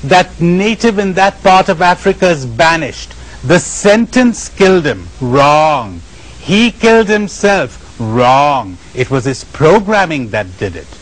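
A man giving a spiritual lecture to a live audience, animated and questioning, often asking the listeners questions and acting out the voices of the people he describes. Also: fairly high pitch, slow, low-quality recording. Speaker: spiritual teacher.

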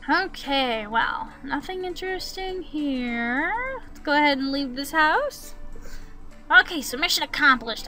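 A woman's voice: on the high side, sharp tone. A woman hosting a gaming channel, giving casual, chatty commentary as she plays and talks back to the characters on screen.

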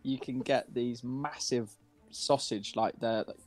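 A man's voice: mid-range voice, fairly even intonation, a little slow, soft background music. A man joining a gaming stream, teasing and joking in casual banter. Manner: laughing, teasing, crude jokes. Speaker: stream guest player.

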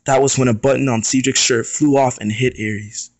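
A young man reads his own short story aloud in steady first-person narration. His voice sits at an ordinary middle pitch. The recording is dry and close, with no room echo. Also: a little fast. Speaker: student reader.

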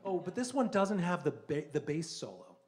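A man with a fairly high speaking voice talks to the crowd between songs in a small live venue. His patter is loose and chatty, full of ums and likes as he introduces the next number. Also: sing-song, normal speed, a little mellow. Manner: casual, chatty, with many fillers. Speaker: singer in a vocal quartet.

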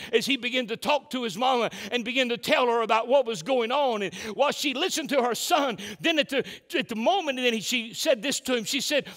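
A man's voice: very high voice, a bit bright. A man preaching a sermon as pastor, often repeating "can I tell you" and restarting his words as he drives his points home. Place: church sanctuary. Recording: long hall reverb.

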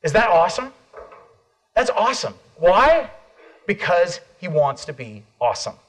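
A middle-aged American man giving an energetic motivational keynote at a conference, calling on the audience for responses. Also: sits high, a little slow. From United States. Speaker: motivational speaker.

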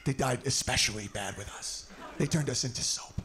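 A man doing a hushed, grave woman friend. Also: medium pitch, a little fast, slight background noise, voice pushed down, natural voice. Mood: solemn. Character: solemn young woman friend, soft and grave.

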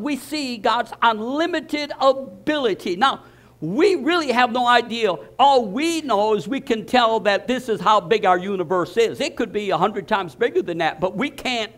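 A man's voice: extremely high pitch, a bit bright. An older male pastor preaching a sermon, emphatic and repeating words as he builds each point. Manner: repetitive, emphatic, restarts phrases.

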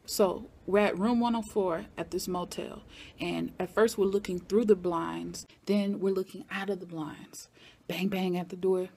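Animated woman recapping a TV episode. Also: lowish voice, unhurried, breathy edge. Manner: animated, talks back at the characters. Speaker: TV recap vlogger.

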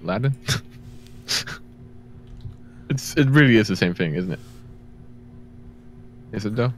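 A man co-hosting a casual gaming session, joking and teasing his friends in an animated way. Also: on the low side, takes it slowly, a little hiss or hum. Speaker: gaming podcast co-host.

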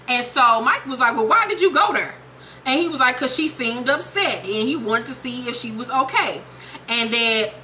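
A young woman giving a profane, animated comedic recap of a TV episode and quoting the characters in quick voices. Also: on the high side, a little hiss or hum. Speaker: TV show recapper.

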